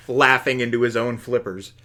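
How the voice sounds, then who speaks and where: A man's voice: medium pitch, fairly even intonation, a little slow, sharp tone. A man co-hosting a podcast in casual chat, hesitant with ums and restarts and a dry sense of humor. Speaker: podcast co-host.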